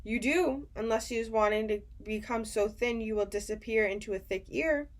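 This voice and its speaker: A woman doing a booming, drawn-out old giant. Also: lightly acted. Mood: excited. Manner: booming, drawn-out, ungrammatical folksy speech. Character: very old kindly male giant who jumbles words. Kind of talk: audiobook reading.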